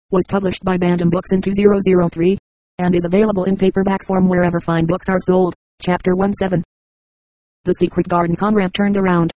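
A synthetic text-to-speech voice reading a novel aloud with an even, mechanical delivery. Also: medium pitch, no echo, low-quality recording. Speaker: audiobook reader. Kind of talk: scripted narration.

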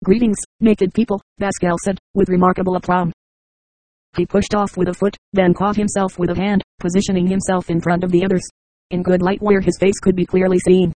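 A synthetic text-to-speech voice reading a novel aloud with an even, mechanical delivery. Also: mid-range voice, fairly quick, no room sound, poor audio. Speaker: audiobook reader. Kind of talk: scripted narration.

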